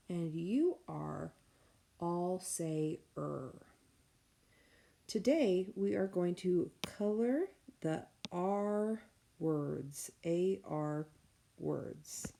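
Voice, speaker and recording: A woman teacher giving a recorded phonics lesson for children, slowly sounding out letters and words. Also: on the low side, gravelly, mellow. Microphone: tablet microphone.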